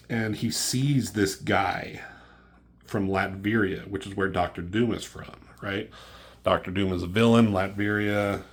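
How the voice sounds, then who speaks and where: Low-voiced man ranting about comics. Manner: profane, rambling, acts out dialogue in raised voice. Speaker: comic book reviewer. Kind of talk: casual comic review.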